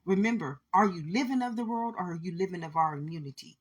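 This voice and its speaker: Woman preaching hard at her listeners, husky breathy voice, keeps hammering the same lines. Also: fairly low pitch, lively intonation, fast. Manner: intense, repetitive, preachy, addresses listeners directly. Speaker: spiritual speaker. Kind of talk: impassioned spiritual monologue.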